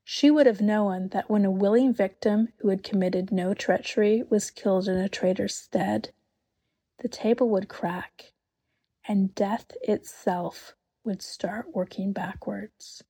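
A great, kindly male lion speaks slowly and gravely, put on by a woman reading a storybook. His words come gentle and unhurried, at times sinking to a hush. The voice carries a soft, breathy edge. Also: medium pitch, fairly even intonation. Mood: solemn.

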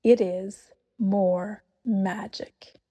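Aslan, a grave gentle lion, as a woman reads him. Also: mid-range voice, fairly even intonation, extremely slow, slightly rough. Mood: solemn. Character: great noble male lion, calm and kindly. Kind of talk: storybook reading.

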